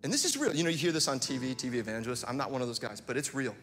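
A man preaching a sermon, reading scripture and talking to the congregation, building to impassioned, near-shouted calls. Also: medium pitch, sing-song, very fast, faint music behind. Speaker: pastor.

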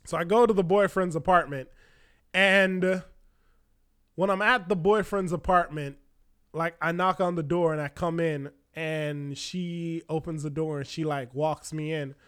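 Young man from Florida, high and clear, animated profane storyteller acting out voices. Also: a little slow. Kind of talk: casual personal storytelling.

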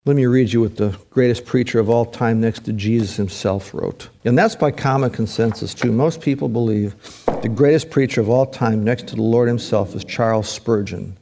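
A man's voice: medium pitch, moderate pace, gravelly, warm tone, a little hiss or hum. A middle-aged male pastor preaching a sermon, emphatic, with his voice swinging up and down for emphasis.

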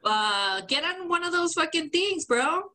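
A woman's voice: very high-pitched, expressive, unhurried, pushed and bright, slight background noise, poor audio. A woman co-hosting a podcast, telling a story in casual chat, swearing and laughing often. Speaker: podcast co-host.

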